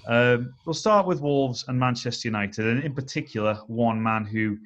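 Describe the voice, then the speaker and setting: A man co-hosts a relaxed football podcast, setting out his views in a measured, analytical way and often pausing on "um". His voice sits at a middle pitch. The audio is a little dull and lo-fi. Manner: measured, analytical, leans on "I think" and "um". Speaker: podcast co-host. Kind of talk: casual football chat.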